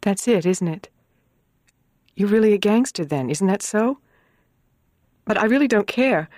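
An earnest young schoolteacher woman, voiced by a performer in a dramatized audiobook. She asks direct, pressing questions at a middle pitch. The sound is dry and close. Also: expressive, a little slow, darkish tone, no room sound, natural voice. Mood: hurt, pressing.

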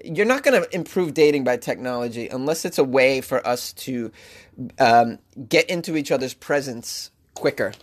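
A man hosting a comedy news show, reading odd headlines and riffing on them with sarcastic, animated rants and mock voices. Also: medium pitch, normal speed. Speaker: podcast host.

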